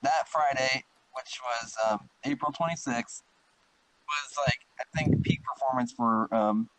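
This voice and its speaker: A man's voice: medium pitch, measured pace, a bit bright, a little hiss or hum, poor audio. A man co-hosting a casual podcast, telling stories in a rambling way with many "like" and "um" fillers and setting up the next topic. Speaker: podcast co-host. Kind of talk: casual chat among friends.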